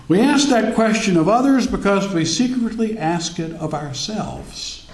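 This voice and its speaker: Man with a cold preaching, lively pitch. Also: unhurried. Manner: wry, storytelling, lively pitch. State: has a cold. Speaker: minister. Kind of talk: sermon. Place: church hall. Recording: echoey church hall.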